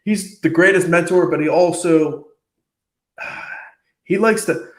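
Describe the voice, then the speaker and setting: A man's voice: on the high side, slow pace. A man chatting casually on a podcast, rambling with lots of fillers and frequent swearing. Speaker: podcast host. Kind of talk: casual chat.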